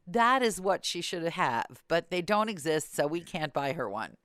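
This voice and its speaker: Wry low-voiced woman podcast host. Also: sing-song, moderate pace, a bit bright, dry recording, studio quality. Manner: wry, storytelling with acted-out quotes. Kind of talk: casual chat.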